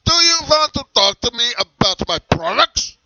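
Put-on German accent, strict whip-selling peddler, barking, menacing, high sharp voice, swinging pitch. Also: male voice, big pitch swings, normal speed, gravelly, no echo, muffled recording, heavily acted. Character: strict, shouty male German leather and whip seller with an eye patch. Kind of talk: comedy sketch character.

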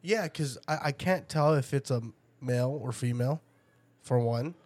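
A man's voice: medium pitch, moderate pace, darkish tone, dry recording. A man in casual chat, telling crude stories with lots of laughter and acted-out quotes. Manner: crude, laughing storyteller who acts out quotes.

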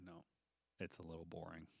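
Low gravelly young man, joking podcast chat. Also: monotone, a little fast, no echo. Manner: joking, laughing, rambling. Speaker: podcast co-host. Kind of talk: casual chat.

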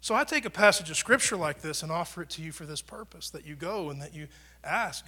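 Man, pastor, sermon; slightly high, bright voice; conversational, dynamic delivery. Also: animated, a little fast. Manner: conversational preaching, rises and drops in volume for emphasis. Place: church.

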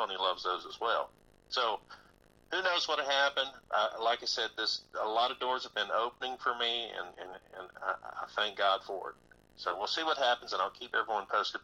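Bright-voiced man on a radio interview. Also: on the low side, poor audio. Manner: easygoing, laughs often, repeats words. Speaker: guest musician. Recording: radio broadcast sound.

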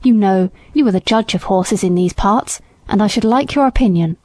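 A woman's voice: medium pitch, moderate pace, darkish tone, dry recording, lightly acted. A woman voicing a breezy, self-assured military captain who talks in a casual, offhand way.

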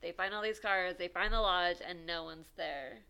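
Bright, clear-voiced chatty woman. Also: fairly low pitch, fairly even intonation, moderate pace. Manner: chatty, rambling storyteller. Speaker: podcast co-host. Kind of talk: casual chat.

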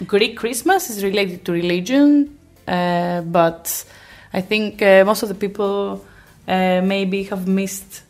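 A woman guest, an engineer, giving her opinion in measured, hesitant casual talk. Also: mid-range voice, darkish tone. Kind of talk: casual chat.

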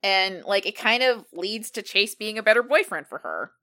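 Woman co-host, bright voice, casual and rambling, restarts her sentences. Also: medium pitch, expressive, normal speed. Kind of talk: casual chat.

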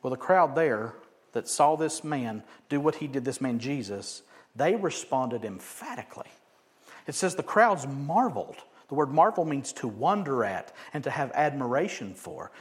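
Animated preaching man, lively pitch. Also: moderate pace. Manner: animated, swings from loud emphatic bursts to quiet asides, jokes with the congregation. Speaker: pastor. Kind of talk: sermon.

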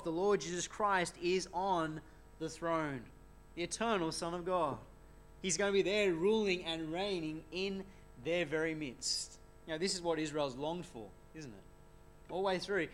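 A man preaching an expository sermon in an earnest way, often asking rhetorical tag questions. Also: high-pitched.

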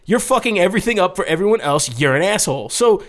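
Animated, foul-mouthed young man. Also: high-pitched, fast. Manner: profane, animated storytelling with laughs. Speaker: podcast co-host. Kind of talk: casual podcast banter.

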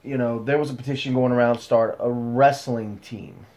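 A man's voice: medium pitch, steady tone, normal speed, a little mellow. A man hosting a casual podcast interview. He asks his questions in an easygoing, conversational way. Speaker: podcast host.

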